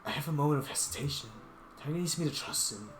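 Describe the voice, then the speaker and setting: A man's voice: on the high side, lively intonation, quick pace, close to an everyday voice. A man reading the part of a flustered young man in a visual novel, hesitant and self-conscious. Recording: roomy echo with guitar music.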